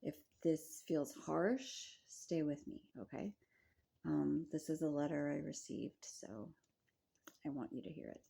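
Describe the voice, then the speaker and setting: A middle-aged woman, a wellness coach, talking reflectively to camera in a gentle, measured way with frequent rhetorical questions. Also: low voice, fairly even intonation, gravelly, breathy edge.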